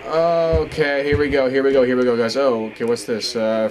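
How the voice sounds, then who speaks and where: A man's voice: mid-range voice, little pitch movement, moderate pace, noisy background. A young man hosting a let's play, nervous and stammering, swearing and pleading aloud as he plays at home with headphones on. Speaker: gaming video host. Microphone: headphones with desk mic.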